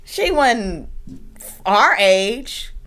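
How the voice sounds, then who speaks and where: A woman's voice: fairly high pitch, very animated, very slow, a bit bright. A woman in her forties co-hosting a podcast, trading dry wisecracks in casual chat. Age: 40s. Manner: wisecracking, drawling asides. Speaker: podcast co-host. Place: Atlanta.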